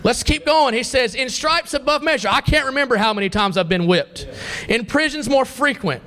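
A man with a high-pitched voice preaches a sermon. He reads scripture aloud and keeps asking the congregation questions. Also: animated, normal speed, a bit bright.

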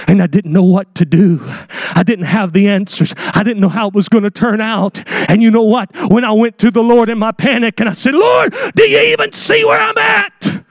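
A man preaching a sermon, swinging between shouted high peaks and hushed whispers. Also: no echo, clean studio sound.

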